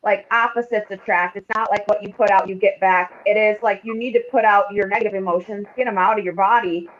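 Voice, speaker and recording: A woman co-hosting a casual chat, talking in an animated, emphatic way and swearing freely. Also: mid-range voice, fast talker. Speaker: podcast co-host. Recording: dull lo-fi sound.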